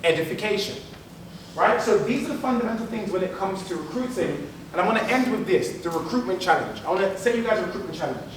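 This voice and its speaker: A man giving an animated motivational business keynote, repeating phrases for emphasis. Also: high voice, fast. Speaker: keynote speaker. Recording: echoey hall, mic from far off, faint noise.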